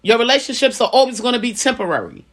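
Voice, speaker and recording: Woman vlogger, slightly high voice, chatty and preachy advice. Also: big pitch swings, fast. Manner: conversational, preachy, repeats phrases, acts out dialogue in lower voice. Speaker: vlogger giving life advice. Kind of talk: casual personal talk.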